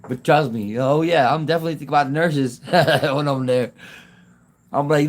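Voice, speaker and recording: Rambling man chatting on a livestream. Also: on the high side. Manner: rambling, halting, often laughing. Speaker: YouTube livestreamer. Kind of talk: casual livestream chat.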